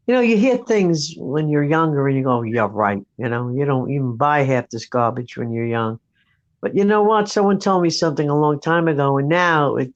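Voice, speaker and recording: A woman's voice: sits low, darkish tone, muffled recording. A woman co-hosting a casual livestream, giving advice and telling stories in a chatty way. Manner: chatty storyteller, acts out friends' voices.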